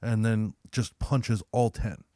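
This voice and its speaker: A young man co-hosting a podcast, telling a story in a casual, profane, animated way and acting out the other people's lines. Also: fairly low pitch, takes it slowly, dry recording, clean studio sound. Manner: profane, animated storyteller who acts out quotes. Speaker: podcast co-host.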